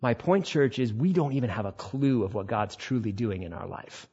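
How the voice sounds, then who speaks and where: A male pastor giving a conversational sermon, acting out quotes in sudden high bursts, with a husky voice. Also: animated, moderate pace, darkish tone, highs cut off.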